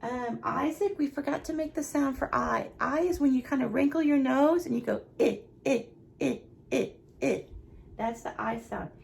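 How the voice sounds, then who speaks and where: A young woman, a nursery teacher going slowly and encouragingly through a lesson for small children. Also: high-pitched, vocal fry. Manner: slow, sing-song, encouraging teacher talk.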